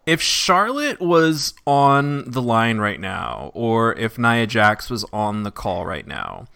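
A man hosting a casual interview podcast, chatty and quick to laugh. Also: medium pitch, sing-song, vocal fry, sharp tone, clear, resonant tone. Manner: laughs easily, loose and chatty. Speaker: podcast host.

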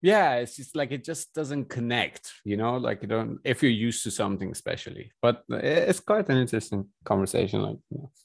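A man's voice: mid-range voice, fairly quick, creaky, hardly any pauses, husky, no room sound. A young man from India with an accent that mixes Indian and British, chatting casually as a personal trainer, rambling and chuckling. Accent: Indian mixed with British. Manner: rambling, animated, chuckles often. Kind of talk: casual chat.

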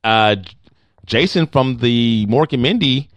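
A man's voice: mid-range voice, expressive, no echo. A man co-hosting a comedy talk podcast, reading listener answers aloud and joking about them. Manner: joking, reads out listener answers with quick reactions. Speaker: podcast co-host. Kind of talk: casual comedic chat.

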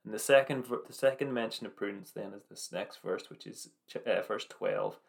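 A man giving an earnest, informal devotional talk, reading scripture aloud with halting restarts and slow emphatic phrases. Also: fairly low pitch, creaky. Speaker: preacher.

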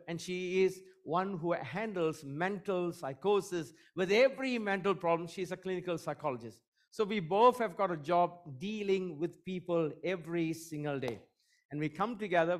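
Man, middle-aged, guest preacher, slightly high voice, fervent prayer, self-deprecating humor. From Eurasian, half Portuguese half Indian. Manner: fervent prayer, repeating "God" at each phrase end; joking, self-deprecating storytelling. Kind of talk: sermon with prayer and personal stories.

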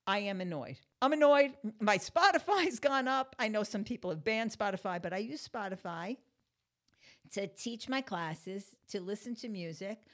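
A woman's voice: medium pitch, lively intonation, moderate pace, fairly bright tone. A woman hosting her own talk show, chatting casually and ranting bluntly, swearing freely as her exasperation builds. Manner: conversational, chatty with fillers. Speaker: podcast host. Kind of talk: casual monologue rant.

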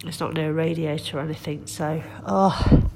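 A woman's voice: deep voice, monotone, quick pace, very noisy. A middle-aged woman vlogging casually from her kitchen at home, chatty and rambling, nasal and congested with a cold. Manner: chatty, rambling, self-deprecating. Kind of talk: casual chat.

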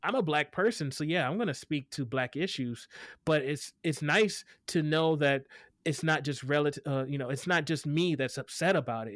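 A man answering an interviewer's questions as an equity educator, earnest and animated, often restarting his sentences. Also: a little high, no room sound, clean studio sound. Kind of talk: interview conversation.

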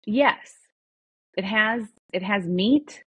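A woman chatting as a podcast guest, cheerful and talkative, quick to laugh. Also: medium pitch, fairly bright tone, husky. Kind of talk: casual interview chat.

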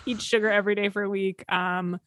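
A woman's voice: mid-range voice, little pitch movement, a little fast, fairly bright tone. A young woman co-hosting a podcast, chatting casually, swearing freely and rambling with giggles. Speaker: podcast co-host. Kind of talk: casual chat.

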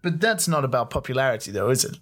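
A man's voice: medium pitch, animated, quick pace, fairly bright tone. A man co-hosting a casual podcast who pushes back with skeptical questions. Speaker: podcast co-host.

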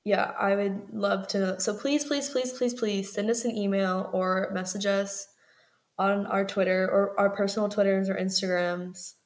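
A woman's voice: medium pitch, fairly even intonation, normal speed. A young woman co-hosting a podcast, chatting casually, filling her talk with "like" and laughing often. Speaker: podcast co-host. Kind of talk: casual chat.

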